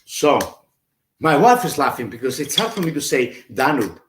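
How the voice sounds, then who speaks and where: A man's voice: medium pitch, sing-song, moderate pace, fairly bright tone, slight background noise. A man giving a casual online drum lesson, chatting and scatting drum patterns aloud. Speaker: drum teacher. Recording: roomy, with drumming behind.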